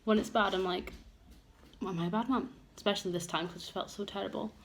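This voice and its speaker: A woman's voice: medium pitch, fairly even intonation, fast talker. A young woman vlogging a candid get-ready-with-me chat, open and emotional, rambling with many fillers. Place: home room with children around. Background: noisy household.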